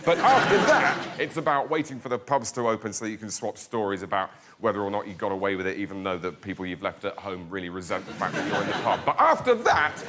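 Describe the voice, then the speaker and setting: A man making a dry, wry comic argument on a panel show, building lists to punchlines. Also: lowish voice. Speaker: comedian arguing a side. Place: studio with live audience. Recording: loud laughing crowd, noisy.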